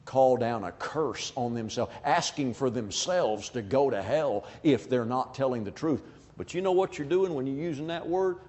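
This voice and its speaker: A man's voice: mid-range voice, animated, moderate pace, darkish tone. A man preaching a sermon, speaking emphatically and acting out quoted people as he makes his point. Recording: long hall reverb.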